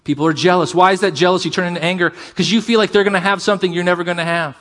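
A middle-aged man preaching a sermon as pastor, animated and shifting between loud emphasis and quiet asides. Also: high voice, rapid-fire.

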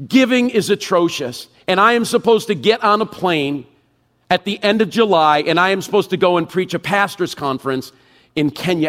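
A middle-aged pastor preaches a sermon emphatically, acting out inner thoughts and dropping his voice low and quiet when giving the Spirit's words.

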